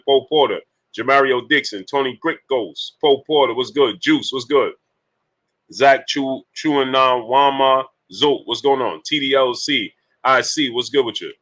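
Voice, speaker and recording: Bright-voiced man hosting a livestream. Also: mid-range voice, rough recording. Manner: greets viewers by name between points, many fillers. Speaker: boxing talk livestream host. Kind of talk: casual livestream chat.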